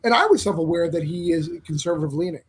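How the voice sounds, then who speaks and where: A man's voice: on the high side, lively intonation, fast talker, husky. A man as a podcast guest, chatting casually and explaining things carefully, with frequent stammers and restarts. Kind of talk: casual chat.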